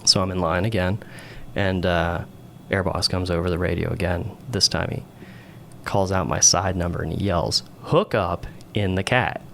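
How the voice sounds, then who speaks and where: A man with a very low, gravelly voice tells a story in a relaxed, rambling way. He is a naval aviator guesting on a podcast and keeps checking in with "right?". A faint hiss sits under the voice. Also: normal speed. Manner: rambling, conversational, frequent "right?" tags. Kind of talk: casual storytelling interview.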